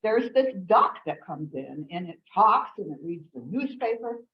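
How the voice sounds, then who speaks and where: A woman's voice: fairly low pitch, very animated, unhurried, a little hiss or hum. Woman playing an eager small-town bartender. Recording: echoey room, dull sound.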